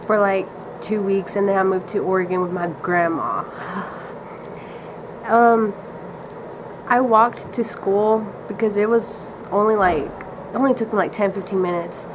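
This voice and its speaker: A teenage girl rambles through a casual story, giggling and filling gaps with "like". Her voice sits at an ordinary middle pitch. There is steady hiss and background noise on the recording. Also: measured pace, pauses often. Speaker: vlogger.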